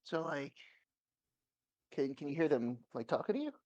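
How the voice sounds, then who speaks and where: A woman's voice: low voice, big pitch swings, normal speed, darkish tone, no echo, muffled recording. A woman player in a tabletop game, talking casually with lots of fillers. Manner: chatty, full of fillers like 'like'. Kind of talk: casual tabletop role-play.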